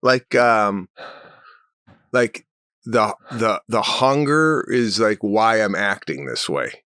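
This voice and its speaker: Podcast co-host, middle-aged man, low voice, dry close sound, storyteller who builds into rants. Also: slow, dry recording. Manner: animated storytelling, rants with rising pitch. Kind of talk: casual chat.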